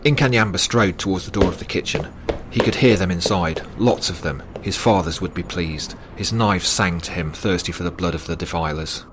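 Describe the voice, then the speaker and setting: A man reading a horror audiobook in a dramatic, measured way. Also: low-pitched, background noise. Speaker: narrator. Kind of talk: scripted horror story narration. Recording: narration with loud music bed.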